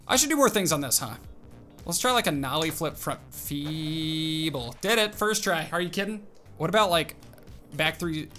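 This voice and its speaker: A young man giving excited, animated commentary on his own gameplay, calling out tricks and reacting aloud. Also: fairly high pitch, unhurried, soft background music. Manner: animated, exclaims and narrates tricks to himself. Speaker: gaming video host.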